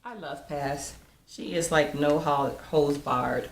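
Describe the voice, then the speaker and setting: A woman's voice: low voice, slow pace, creaky, slight background noise. A woman giving a chatty, casual recap of a TV episode, laughing often and acting out the characters' lines. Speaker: TV episode reviewer. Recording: roomy echo.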